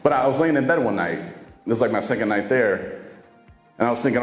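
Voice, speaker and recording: A man's voice: mid-range voice, animated, quick pace, pauses often. A man casually telling his own recovery story, speaking conversationally and acting out what other people said to him. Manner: casual, conversational, acts out quoted dialogue. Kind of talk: personal storytelling to camera. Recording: echoey room with long reverb and faint music.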